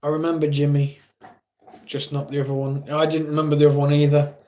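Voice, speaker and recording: A man's voice: on the high side, monotone, quick pace, dark tone. A man with an English accent streaming live, chatting casually with viewers in a rambling, self-deprecating way.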